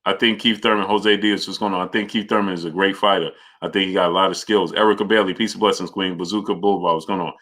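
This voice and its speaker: A man's voice: deep voice, steady tone, quick pace, few pauses. Man hosting a boxing live stream. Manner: greets viewers by name, argues forcefully. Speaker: boxing channel host. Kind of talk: live-stream chat and commentary.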